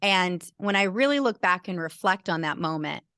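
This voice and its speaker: A middle-aged woman who is a teacher and burnout coach, appearing as an interview guest, shares a personal story earnestly and emotionally, often restarting her sentences. Her lowish voice is expressive, fairly bright, and smooth at a moderate pace, in clean studio sound with no echo.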